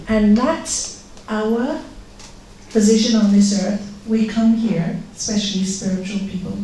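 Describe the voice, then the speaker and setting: A woman with a fairly high voice gives an informal spiritual talk in a yoga centre room. She speaks earnestly and directly, and often asks the audience questions. She is recorded by a distant room mic, so her voice sounds roomy with faint noise behind it. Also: a little mellow. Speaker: spiritual teacher.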